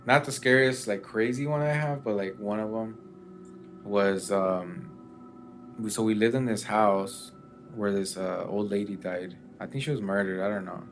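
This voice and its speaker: Low-voiced man rambling through a story. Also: steady tone, moderate pace, a little hiss or hum. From Mexican family background. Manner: rambling, many fillers. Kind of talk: casual chat.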